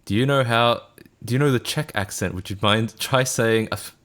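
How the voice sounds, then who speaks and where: A man's voice: mid-range voice, animated, a little fast, soft background music. A tired young Australian man chatting casually with his stream, rambling and laughing, with lots of restarts. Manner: rambling, laughing often, many restarts and fillers. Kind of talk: casual live-stream chat.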